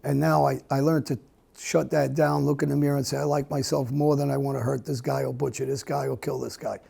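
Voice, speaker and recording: A middle-aged man answers interview questions in a blunt, halting way, often breaking off and starting again. His voice is very gravelly, dark and husky, and he stays in a flat, narrow pitch range. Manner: blunt, halting speech with many restarts. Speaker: interview guest. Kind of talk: candid conversational interview.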